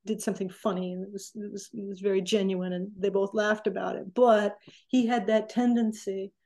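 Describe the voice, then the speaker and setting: Woman in her sixties, interview guest, mellow and warm, animated anecdotes. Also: mid-range voice, brisk. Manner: animated, acts out quoted remarks. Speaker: interview guest, recording engineer. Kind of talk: conversational storytelling.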